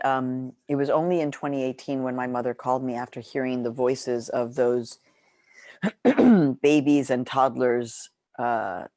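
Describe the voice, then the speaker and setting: A middle-aged woman author telling a personal story with passion, her pitch leaping up when she gets excited. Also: dry recording, clean studio sound. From Mexico. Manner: animated, impassioned storytelling with lively pitch jumps. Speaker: author and journalist. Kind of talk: book talk, personal storytelling.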